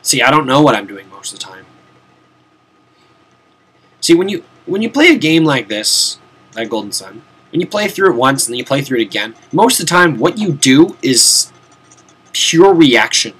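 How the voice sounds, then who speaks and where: A man's voice: medium pitch, sing-song, normal speed, a bit bright, breathy edge. Rambling young man streaming a game. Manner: rambling, self-mocking, swears casually, mutters to himself. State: tired, yawning. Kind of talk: casual let's-play commentary. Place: home room, seated at a desk.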